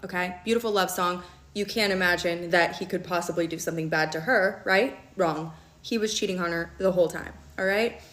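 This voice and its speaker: A young woman telling a personal story in a vlog, emphatic and fast, often stopping to check in with "okay?". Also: mid-range voice, a bit bright. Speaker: storytime vlogger. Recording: echoey room.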